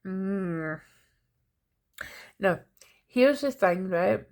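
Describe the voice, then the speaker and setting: A woman's voice: medium pitch, lively intonation, extremely slow, darkish tone. A middle-aged woman giving a chatty, teasing tarot reading straight to her viewers. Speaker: tarot reader. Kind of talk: casual tarot reading to camera.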